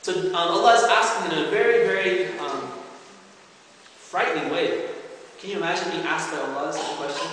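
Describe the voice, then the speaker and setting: A man's voice: a little high, brisk, fairly bright tone, distant mic, slight background noise. A man giving an earnest, explanatory religious lecture to a congregation, often checking in with his listeners. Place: large hall at an Islamic center. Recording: very echoey hall with long reverb.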